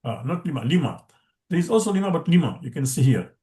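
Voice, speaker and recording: Halting male teacher, higher voice. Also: sing-song, mellow. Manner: halting, checks in with rising "right?" and "no?"; chants verses quickly at a raised pitch. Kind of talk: online class lesson.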